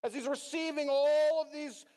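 Man, pastor, sermon, high voice, dramatic storytelling. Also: steady tone, normal speed, a little mellow. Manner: dramatic storytelling, acting out the characters' lines. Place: church.

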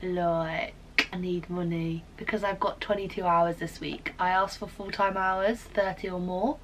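A woman's voice: lowish voice, fairly even intonation, measured pace, a little hiss or hum, poor audio. A young woman, ranting in a casual vlog, dramatic, sweary and self-mocking. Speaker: vlogger.

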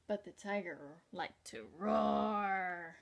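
A young woman teacher reading a picture book aloud to young children, gentle and expressive, often pausing to ask questions. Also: medium pitch, gravelly, highs cut off. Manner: gentle, slow and expressive, asking the listener questions.

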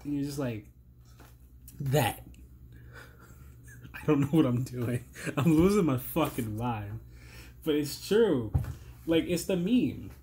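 A man's voice: mid-range voice, expressive, slow, long pauses, dark tone, slight background noise. Tired, exasperated man ranting casually. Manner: exasperated, swears often, stammers and repeats words. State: tired, strained voice. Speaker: reaction video host. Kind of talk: casual rambling commentary.

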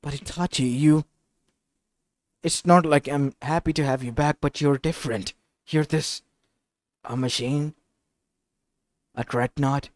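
A man's voice: a little high, fairly even intonation, measured pace, pauses often, a little mellow, no echo, clean studio sound, close to an everyday voice. A man voicing a stern, grief-stricken middle-aged mother, speaking reproachfully in a fan-made storybook reading.

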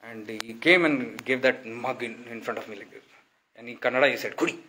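A man tells a personal spiritual story, speaking softly and acting out the lines of the people in it. His tone is bright and forceful at a middle pitch. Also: fairly even intonation, brisk, a little hiss or hum, poor audio. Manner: soft-spoken, acts out quoted dialogue.

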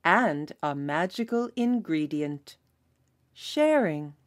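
Woman doing a boastful traveling cook, loud sing-song calls, storybook style. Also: low-pitched, animated, slow pace. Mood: pleased. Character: boastful cheerful male traveling cooks.

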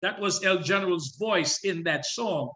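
A male musician guest telling his story in an animated way, breaking into sung hooks as he talks. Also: high-pitched, measured pace. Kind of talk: storytelling interview talk.

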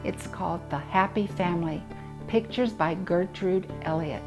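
An older woman reading a children's picture book aloud, gently voicing the animals and family. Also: on the low side, normal speed, music in the background. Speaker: storybook reader.

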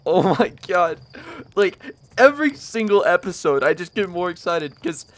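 Excitable young man with lively pitch. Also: moderate pace. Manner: excitable, stammering restarts, yelps when startled. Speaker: gaming YouTuber. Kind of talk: casual let's-play commentary.

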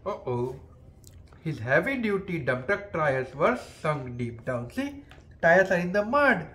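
A woman reads a children's picture book aloud in a slightly low voice. She goes slowly and patiently, stopping to explain the story and ask simple questions. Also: big pitch swings, a bit bright.

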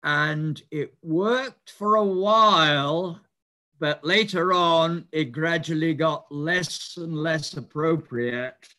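An older man giving a reminiscing lecture, speaking in a measured, explanatory way with some hesitant fillers. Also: a little high, bright, forceful tone. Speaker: mathematician giving a talk.

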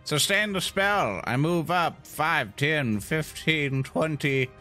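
A man's voice: on the high side, lively intonation, takes it slowly, pushed and bright, soft background music. A man playing a tabletop game, chatting playfully and riffing on jokes. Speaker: player. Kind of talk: casual tabletop game chat.

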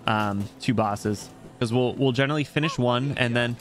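A man giving excitable, exclamatory live commentary as he plays a game and chats with his viewers. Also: medium pitch, moderate pace, soft background music. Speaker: streamer.

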